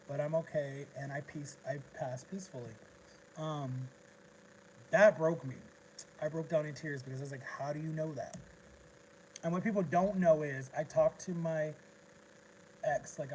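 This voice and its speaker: A man's voice: a little high, fairly even intonation, moderate pace, darkish tone, a little hiss or hum, low-quality recording. Rambling man telling an emotional story. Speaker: vlogger. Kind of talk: casual rambling livestream chat.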